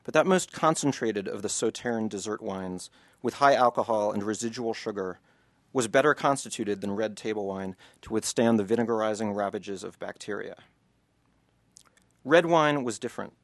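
A man's voice: on the low side, normal speed, no room sound. A man, an author, reading passages from his book to an audience and then answering questions in a loose, chatty way.

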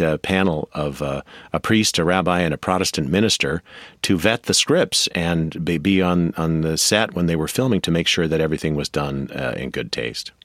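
Deep-voiced man telling a story. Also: a bit bright, no echo, studio quality. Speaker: guest author. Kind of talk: radio interview.

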